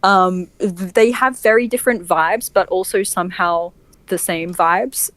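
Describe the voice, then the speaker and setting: A woman with an Australian accent, a voice actor chatting casually, laughing often and filling pauses with um and like. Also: on the low side, fairly bright tone, no echo. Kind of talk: casual group chat.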